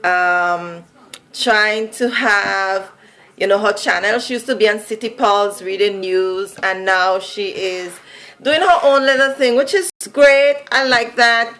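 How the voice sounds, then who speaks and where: A woman's voice: medium pitch, slow pace, fairly bright tone, poor audio. A woman from Saint Vincent with a Vincentian accent, chatting casually to camera in a sing-song, musical way and laughing often. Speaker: vlogger. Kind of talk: casual monologue.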